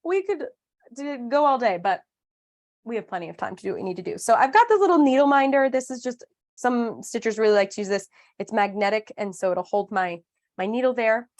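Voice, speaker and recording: A woman's voice: a little high, lively intonation, brisk, a little mellow. A woman in her thirties teaching a live online craft class, chatty and upbeat with playful asides.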